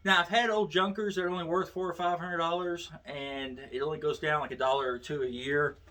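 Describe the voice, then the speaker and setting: A man's voice: a little high, steady tone, fairly quick, sharp tone, rough recording. A man, telling a wry, folksy story in a casual, chatty way. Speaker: vlogger.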